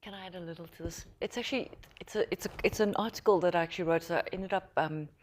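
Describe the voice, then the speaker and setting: A woman with a South African accent, a journalist and author speaking on a panel, telling a story in a lively, animated way with many restarts. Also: lowish voice, quick pace. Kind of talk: panel discussion anecdote.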